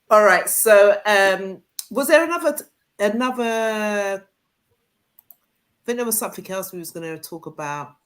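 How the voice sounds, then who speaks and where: A woman's voice: mid-range voice, animated, a little slow, long pauses, poor audio. Woman hosting a chat show. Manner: chatty, moves the talk along. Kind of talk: casual panel discussion.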